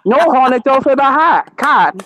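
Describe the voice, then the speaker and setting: A man's voice: very high-pitched, lively intonation, brisk, pushed and bright, slight background noise, exaggerated voice. A man mocking a babbling, boastful caller. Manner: babbling nonsense syllables, boastful. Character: mocked male caller, rambling garbled bluster.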